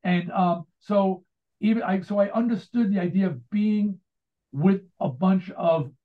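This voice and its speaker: A man's voice: sits high, unhurried. A man in his sixties with an American accent, talking about his writing in a casual, rambling interview, full of restarts and asides. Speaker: author and rock singer guest. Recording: tinny phone-like line.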